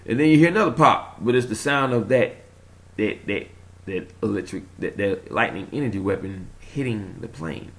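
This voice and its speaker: A man with a low voice and a gravelly edge talks in a loose, rambling monologue. His pitch swings widely as he tells his stories, and he chuckles and trails off while hunting for words. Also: normal speed. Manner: animated storytelling, chuckles, trails off searching for words. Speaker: conspiracy vlogger.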